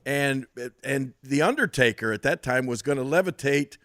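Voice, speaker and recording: An older man with a Memphis Southern accent who hosts a podcast and tells stories in an animated way, chuckling often. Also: medium pitch, moderate pace, no room sound, clean studio sound. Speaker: podcast host. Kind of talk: casual chat and storytelling.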